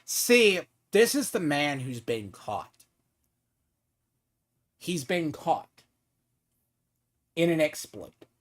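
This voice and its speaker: A man's voice: on the high side, very animated, extremely slow, long pauses, a bit bright. A man streaming a game, trash-talking and mocking another player in casual, swearing chat. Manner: taunting, mocking, swears freely.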